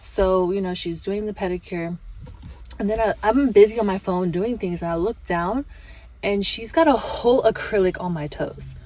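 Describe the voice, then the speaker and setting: A woman's voice: mid-range voice, normal speed, darkish tone, poor audio. A young woman vlogger telling a casual, chatty story full of fillers and quoted back-and-forth.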